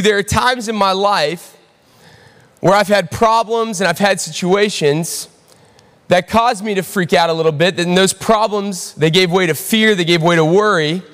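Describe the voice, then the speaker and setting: A young man, preaching a sermon as a pastor and telling a story, animated and calling out to the audience. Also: high voice. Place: large church auditorium. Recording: long hall reverb.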